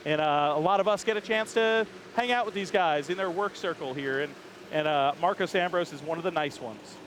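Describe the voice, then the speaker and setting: A man's voice: on the high side, brisk. A man hosting a walking tour of a race garage, chatting upbeat and joking with crew members outdoors. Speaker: host. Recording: faint outdoor background noise.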